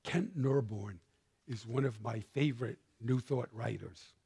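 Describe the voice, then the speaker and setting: An older man, a minister, giving a sermon in a church and telling a story, turning soft and hushed when moved. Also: medium pitch, unhurried, vocal fry, slightly rough, long reverb tail. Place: church sanctuary.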